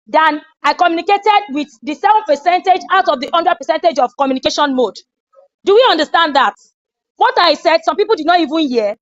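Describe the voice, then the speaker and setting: High-voiced animated woman trainer. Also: brisk, no room sound, muffled recording. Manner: animated, acts out scolding. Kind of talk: classroom training lecture. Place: lecture room.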